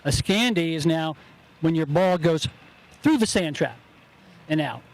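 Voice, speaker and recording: Easygoing New Jersey man, fairly high voice. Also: animated, a little slow. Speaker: guest, golf tournament organizer. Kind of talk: casual interview chat. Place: outdoors at a golf event.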